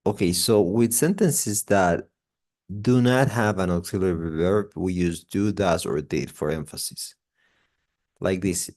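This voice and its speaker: A man's voice: deep voice, lively intonation, a little slow, a little mellow. A man teaching an English grammar class, explaining step by step with many fillers and restarts.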